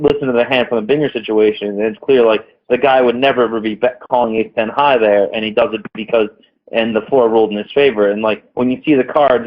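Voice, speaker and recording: A man talking as a player guest on a poker panel, making his points directly and assertively. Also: mid-range voice. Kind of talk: casual panel talk. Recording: tinny phone-like line.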